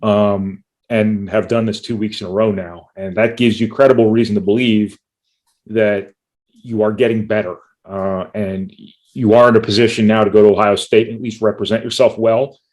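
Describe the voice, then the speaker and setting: A man's voice: fairly low pitch, fairly even intonation, moderate pace, a little mellow. A man on a sports talk panel, giving analytical takes with occasional dry jokes. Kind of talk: sports talk show discussion.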